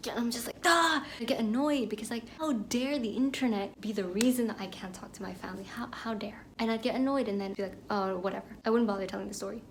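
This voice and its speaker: A young woman from Pakistan telling a personal story in a candid, animated monologue that drops into whispered asides. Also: mid-range voice, quick pace, hardly any pauses, background noise. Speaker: podcast host.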